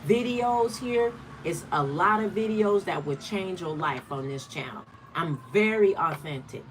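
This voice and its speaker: A woman's voice: fairly low pitch, animated, measured pace, background noise. Blunt woman host of a card-reading livestream. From Michigan. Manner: blunt, emphatic, repeats herself for emphasis. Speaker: spiritual card reader, channel host. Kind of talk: casual livestream talk.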